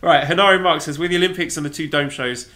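A man co-hosting a wrestling podcast, reading listener questions and answering in a dry, measured, teasing way. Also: on the high side, sharp tone. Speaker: podcast co-host.

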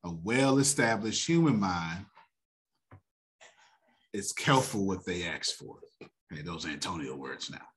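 A man hosting a motivational finance talk, animated and preacher-like, often laughing. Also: sits low, measured pace, pauses often. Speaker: host.

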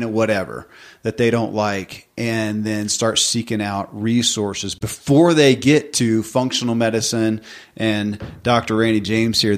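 A man hosting an interview, talking conversationally and prompting his guest. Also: lowish voice. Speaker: host. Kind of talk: casual interview talk.

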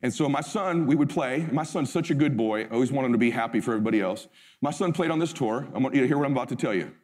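A man's voice: mid-range voice, animated, racing, darkish tone, in a large hall. A middle-aged man giving a motivational talk. He tells the story intensely and emphatically, and he swears freely. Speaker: motivational speaker.

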